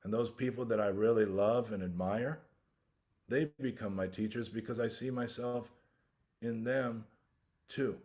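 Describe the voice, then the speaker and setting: A man's voice: fairly low pitch, measured pace, a little mellow. Earnest rambling man sharing his story. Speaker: invited speaker at a recovery workshop. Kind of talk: personal recovery share.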